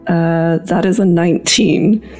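A woman's voice: lowish voice, steady tone, takes it slowly, music in the background. A woman playing a tabletop game, speaking hesitantly and thoughtfully. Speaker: player. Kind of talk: casual tabletop game play.

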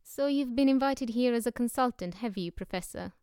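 A woman's voice: a little high, a little fast, a little mellow, clear, resonant tone, no room sound, studio quality, pitched above the performer's own voice, natural voice. A woman reading the lines of a middle-aged male editor who is cautious, polite and uneasy.

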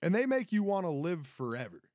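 A man in his twenties rants casually into a close podcast mic, rambling and poking fun at himself. His fairly high voice swings widely in pitch. The sound is dry, with no room echo. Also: big pitch swings, a little fast, a little mellow. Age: 20s. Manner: rambling, self-deprecating, frequent restarts and "right?". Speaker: podcast host. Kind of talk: casual solo podcast rant.

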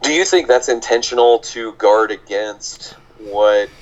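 A man's voice: mid-range voice, a little slow. A man co-hosting a podcast in casual chat, dry and sardonic, stammering on restarts. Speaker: podcast co-host. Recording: dull lo-fi sound.

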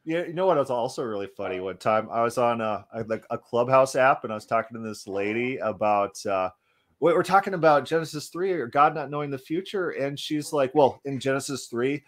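A man's voice: mid-range voice, brisk. Chatty man hosting a discussion. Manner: animated, many restarts. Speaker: podcast host. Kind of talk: casual discussion.

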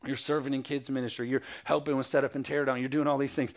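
A man's voice: medium pitch, flat delivery, fast talker. Man preaching with call-and-response. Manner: preaching with call-and-response, reading scripture aloud. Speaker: pastor. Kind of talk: sermon.

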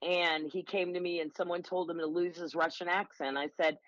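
A woman guest, an acting coach, talking enthusiastically and telling quick anecdotes in an interview. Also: on the low side, flat delivery, no echo, highs cut off. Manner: enthusiastic, upbeat, rapid anecdotes. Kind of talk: interview conversation.

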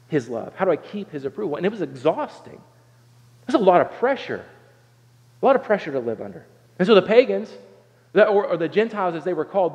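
A man from Southern Ohio preaches a sermon in a fairly high voice, earnest and conversational, with frequent restarts. His words ring out with a long reverb tail, and the recording sounds a little dull. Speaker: pastor.

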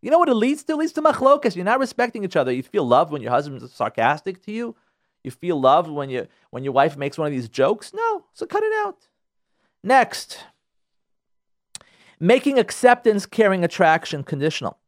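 On a radio talk show, a man offers marriage advice in a fairly high voice with big pitch swings, leaping up and down to stress each point. He repeats himself for emphasis at a moderate pace, and the recording is close and dry.

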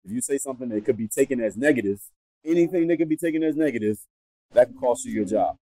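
American male podcast host, rapid blunt delivery, mellow dark tone, dry close sound. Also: mid-range voice, lively intonation, no room sound, rough recording. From United States. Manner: fast, blunt and emphatic, repeating points. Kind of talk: advice podcast monologue.

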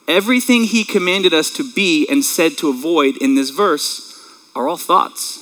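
A man in his thirties delivers a sermon in a bright, slightly raised voice. His preaching is earnest and conversational. He sounds close to tears at times and clears his throat now and then. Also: fairly high pitch, moderate pace, poor audio. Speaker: pastor.

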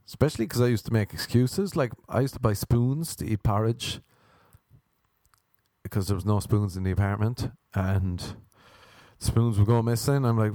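A man's voice: fairly low pitch, normal speed, warm tone, no room sound, clean studio sound. A man with an Irish accent telling a rambling, profane comic story. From Ireland. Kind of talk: comic monologue.

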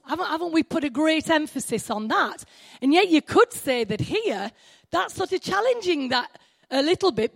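Woman preacher, high voice, chatty sermon delivery that questions the listeners. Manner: conversational, asks the congregation questions.

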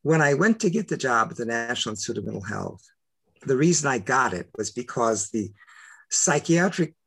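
Older man, gravelly voice, husky edge, emphatic storyteller, rhetorical questions, interview guest. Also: medium pitch, sing-song, fairly quick, fairly bright tone. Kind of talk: animated personal storytelling.

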